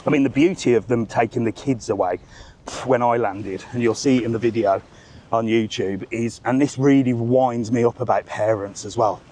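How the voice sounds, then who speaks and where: A man hosting a live travel vlog, telling a story as an animated, swearing rant while walking outdoors. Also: mid-range voice, normal speed, a little hiss or hum. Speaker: travel vlogger, live stream host. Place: outdoors among bars and restaurants.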